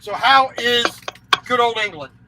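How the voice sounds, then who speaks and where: A man's voice: extremely high pitch, a little slow, background noise. A man who drives a truck, chatting casually on a livestream from his cab, rambling and repeating himself. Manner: rambling, scattered, repeats words, laughs easily. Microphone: headset.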